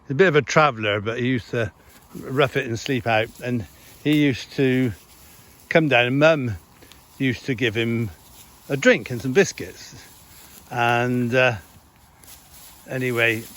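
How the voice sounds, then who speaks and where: A man's voice: medium pitch, fairly bright tone. A man who farms, chatting casually outdoors in a field with his dog as he remembers the dogs he has had, laughing often. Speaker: farmer vlogger. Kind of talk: casual chat.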